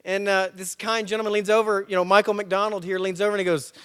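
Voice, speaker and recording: A man tells a story to a church crowd, his voice riding high for a man. He acts it out as he goes, leaning in with loud bursts, then dropping to near-hushed asides. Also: little pitch movement, fast, clear, resonant tone. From Tennessee and Georgia, US. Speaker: guest speaker at a church men's breakfast. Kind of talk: storytelling talk to a live audience. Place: church event before a live audience.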